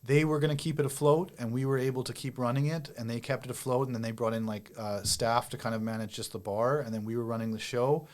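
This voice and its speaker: A comedian guest talking casually on a podcast, rambling with many restarts and lots of "like". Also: male voice, mid-range voice, steady tone, quick pace, few pauses. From Canada. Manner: rambling, heavy use of "like" and restarts.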